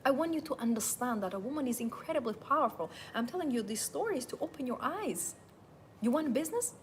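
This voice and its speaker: Animated woman giving a seminar. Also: high-pitched, fairly quick, a little hiss or hum, low-quality recording. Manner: animated, emphatic, repeats itself. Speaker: seminar host. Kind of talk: live seminar talk.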